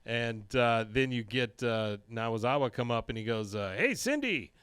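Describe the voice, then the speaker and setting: A man co-hosting a podcast, casually retelling an episode with animated storytelling and bursts of voices. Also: mid-range voice, moderate pace, smooth, dry recording. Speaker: podcast co-host. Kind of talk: casual chat recapping an episode.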